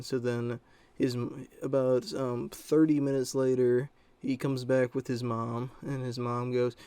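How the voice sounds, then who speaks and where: A man's voice: mid-range voice, flat delivery, normal speed, mellow, clean tone, dry recording. A young man telling a story-time vlog in a rambling, casual way full of fillers. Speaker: storyteller vlogger.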